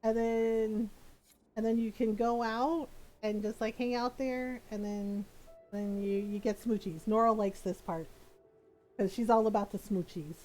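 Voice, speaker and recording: A woman's voice: a little high, measured pace. Giggly woman streamer narrating a game. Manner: giggly, animated, acts out character voices. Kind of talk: casual gameplay commentary.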